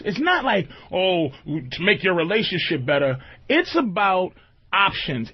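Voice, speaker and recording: A man hosting a radio talk show, joking loosely and often asking whether the listener understands. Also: high-pitched. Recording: lo-fi radio recording.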